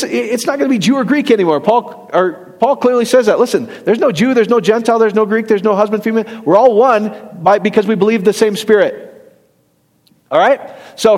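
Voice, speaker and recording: In a church hall with long reverb, a middle-aged preacher gives a jokey, conversational sermon, often asking the congregation questions and chuckling at his own humor. His voice is extremely high in pitch with a slightly mellow quality.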